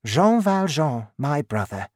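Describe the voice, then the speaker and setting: A storybook reader voicing a kindly, calm old male bishop who speaks gently and slowly. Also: mid-range voice, no room sound, studio quality, voice pushed up. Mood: gentle.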